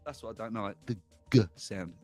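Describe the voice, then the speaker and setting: A man's voice: lowish voice, moderate pace, mellow, faint music behind. A man hosting a casual livestream, rambling and chuckling as he reads out viewer comments. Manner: chuckling, rambling, self-mocking. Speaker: livestream host.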